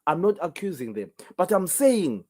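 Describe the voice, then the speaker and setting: A man's voice: high-pitched, sing-song, normal speed, darkish tone. A Zimbabwean man, a native Ndebele speaker, hosting a call-in talk show alone, emphatic and firing off rhetorical questions. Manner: emphatic, many rhetorical questions, repeats himself. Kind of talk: solo call-in show commentary.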